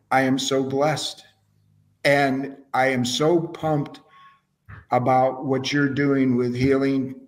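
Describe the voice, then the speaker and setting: Slow-talking, enthusiastic man. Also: medium pitch. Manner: enthusiastic, with frequent restarts. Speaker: interview guest. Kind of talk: casual conversational storytelling.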